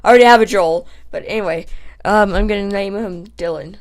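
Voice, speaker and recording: A young man telling a casual storytime vlog, rambling with lots of fillers and growing animated as he retells the story. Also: high-pitched, a little fast. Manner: animated when retelling the fight. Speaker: channel host.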